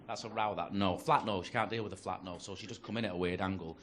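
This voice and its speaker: This Northern English comic, from North-West England, speaks low, steady and fast with a crowd audible behind him. On a comedy club stage with a handheld mic, he delivers sweary, chatty stories, captured in a noisy live recording full of audience laughter.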